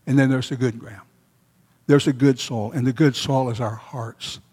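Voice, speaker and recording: Male pastor, warm husky voice, emphatic sermon delivery with repeated phrases, echoing church hall. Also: mid-range voice, fairly even intonation, normal speed.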